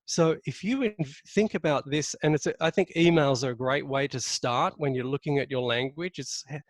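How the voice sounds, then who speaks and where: A man's voice: a little high, normal speed, dry recording. Man coaching leaders in a webinar. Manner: coaching, stresses key words; frequent ums and restarts. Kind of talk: live webinar presentation.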